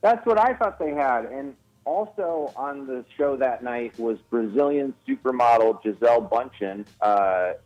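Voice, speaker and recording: A man's voice: mid-range voice, lively intonation, a little slow, hardly any pauses. A man, a guest comedian, telling a self-deprecating story with restarts in a casual radio interview. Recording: slightly dull radio broadcast audio.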